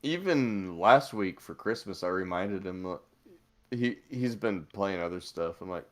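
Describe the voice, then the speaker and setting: A man's voice: low voice, lively intonation, measured pace. A man chatting late at night on a stream, easygoing, telling a story about his kid. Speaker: stream guest, father. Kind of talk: casual late-night chat.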